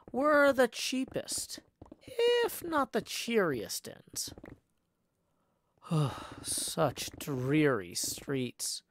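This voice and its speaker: A woman reading a classic novel aloud on a livestream, expressive and careful, with the odd stumble and self-correction. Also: on the high side, a little hiss or hum. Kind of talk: unhurried dramatic read-aloud.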